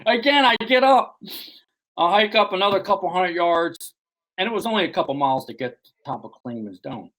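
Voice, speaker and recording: A man in an interview tells a long personal story. He rambles as he goes, with a steady stream of "you know" and sentences that restart midway. He is the author guest recounting what happened to him. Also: sits high, fairly quick, poor audio.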